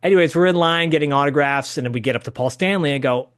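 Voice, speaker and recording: A man in his fifties hosting a podcast, telling a story in an animated, chatty way. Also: on the high side, quick pace. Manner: animated, chatty, laughs as he tells stories. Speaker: podcast host. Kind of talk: casual storytelling.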